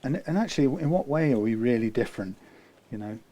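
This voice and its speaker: A man working as a guitar technician who muses aloud while he works, rambling and often trailing off into quiet muttering. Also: mid-range voice, animated, fast talker.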